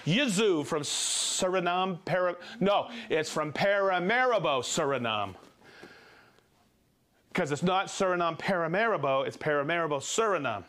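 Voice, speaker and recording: A man hosting a casual live tool demo stream, chatty and excitable, calling out viewers. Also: fairly high pitch, moderate pace. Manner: excitable, bursts into shouts of joy; chatty, reads viewer shout-outs.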